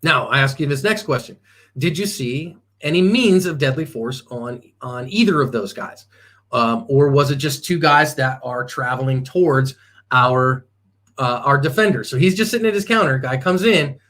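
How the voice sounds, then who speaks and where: A man's voice: mid-range voice, moderate pace, a bit bright. A man giving a live self-defense seminar as the instructor, talking emphatically with fillers and restarts.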